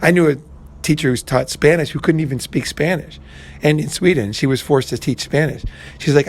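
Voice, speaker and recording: A man's voice: fairly high pitch, a little fast. A man hosting a casual monologue, rambling with many restarts and fillers and some blunt swearing. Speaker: podcast host.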